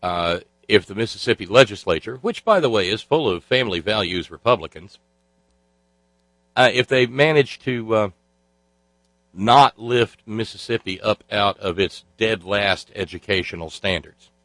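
Sarcastic male talk host, low dry voice. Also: lively intonation, normal speed, a bit bright, no room sound, rough recording. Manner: sarcastic, rambling with many filler sounds. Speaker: radio talk show host. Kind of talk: sardonic political commentary.

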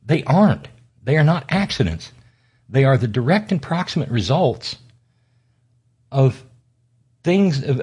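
Husky-voiced guy hosting a political talk show, fired up and sarcastic, keeps restarting sentences. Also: a little high, dark tone. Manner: ranting, sarcastic, fiery, with many restarts. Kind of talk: impassioned political monologue.

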